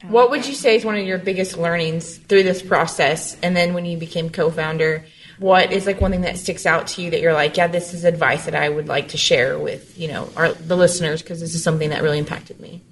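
A woman's voice: fairly low pitch, fairly even intonation, brisk, slight background noise, poor audio. A woman co-hosting a podcast who asks casual questions and chimes in often.

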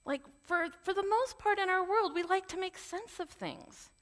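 A woman's voice: very high-pitched, moderate pace, fairly bright tone. Earnest woman preaching in a reverberant hall. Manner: earnest, conversational, candid asides. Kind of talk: sermon.

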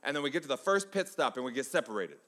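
Bright-voiced male preacher in a reverberant hall. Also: mid-range voice, rapid-fire. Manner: animated storytelling, swings from soft to loud. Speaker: pastor. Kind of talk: sermon.

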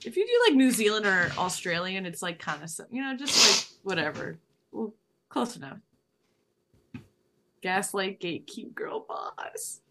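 A woman's voice: medium pitch, very animated, brisk, bright, forceful tone, a little hiss or hum. Rambling, giggly woman podcast host. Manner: rambling, giggly, swears often. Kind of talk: casual podcast chat, film summary.

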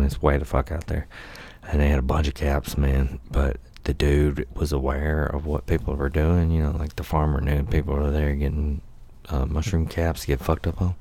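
Man, middle-aged, extremely low voice, dark mellow tone, laid-back cursing storyteller. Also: no echo. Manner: profane, laid-back, laughs often, acts out quotes. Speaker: podcast host telling life stories. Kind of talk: casual storytelling monologue.

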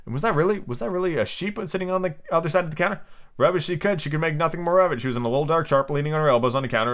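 A man's voice: medium pitch, fairly bright tone. Rambling male podcast host reading aloud. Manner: rambling, filler-heavy asides. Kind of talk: casual book reading with asides.

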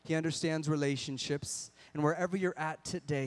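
A man preaching a sermon with a slightly higher voice than most men. He talks in an earnest, conversational way, with lots of rhetorical questions. Now and then he acts out people's excuses in a whiny tone. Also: steady tone, brisk, few pauses.

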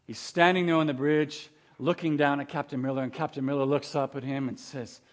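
A man's voice: on the high side, steady tone, fairly quick. A man preaching a sermon as pastor, in a conversational way, often asking his listeners questions. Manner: conversational, asks rhetorical questions.

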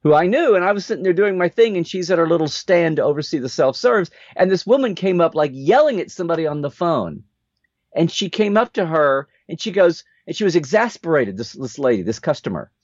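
Animated storytelling man, lively pitch. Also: brisk, no room sound. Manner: animated storyteller who acts out the people in his stories. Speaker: podcast co-host. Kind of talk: casual storytelling chat. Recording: dull dry lo-fi sound.

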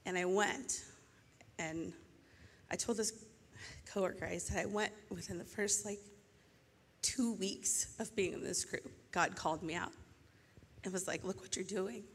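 A woman's voice: mid-range voice, a little slow, pauses often, slight background noise. A woman sharing a personal testimony in church, emotional and tearful as she tells her story. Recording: long hall reverb.

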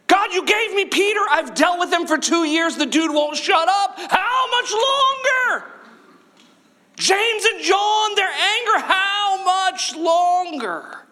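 A preacher voicing Jesus as an exasperated, pleading man, high and loud. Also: animated, measured pace, pauses often, heavily acted.

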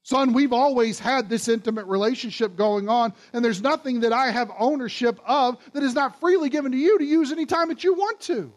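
High-voiced male preacher. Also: fairly quick, few pauses. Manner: emphatic, questioning the audience. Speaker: pastor. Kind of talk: sermon.

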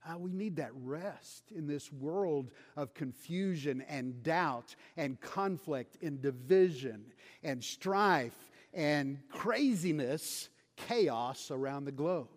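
Slow earnest preacher in a reverberant hall. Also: male voice, animated. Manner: slow, earnest, drops to soft low tones on scripture. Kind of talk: sermon. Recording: long reverb of a large hall.

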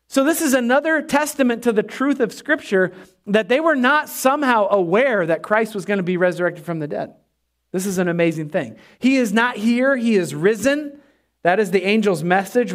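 A man preaching an energetic sermon in a church, asking the congregation for responses as he goes. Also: high-pitched. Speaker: pastor.

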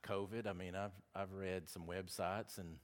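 A man's voice: sits low, fairly even intonation, moderate pace. A man with a Southern accent preaching a sermon, chatty and folksy, with asides between the scripture readings.

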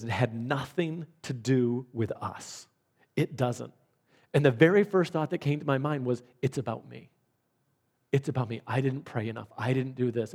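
A pastor preaching a sermon earnestly tells a personal story, often restarting as he goes. His voice is on the high side with a darkish tone.

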